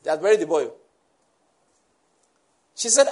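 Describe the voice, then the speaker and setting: A man preaching a sermon to a congregation, lively, acting out the people he quotes and laughing often. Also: a little high, normal speed, long pauses. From Nigeria. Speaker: pastor.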